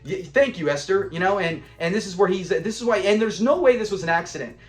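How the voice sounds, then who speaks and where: A man casually reviewing a classic sitcom episode, animated and laughing often as he acts out scenes. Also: sits high, fast, echoey room. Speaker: show reviewer.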